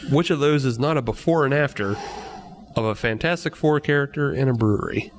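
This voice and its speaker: A man's voice: mid-range voice, a little fast, slight background noise. A man hosting a podcast, chatting casually, laughing often and reading quiz questions aloud. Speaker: podcast host and quizmaster.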